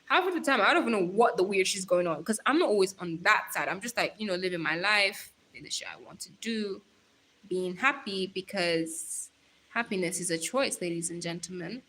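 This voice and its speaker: Chatty, animated woman livestreamer. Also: medium pitch, a little fast. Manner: animated, chatty, laughs often, teasing and advising viewers. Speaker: livestreamer reading chat. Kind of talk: casual livestream chat.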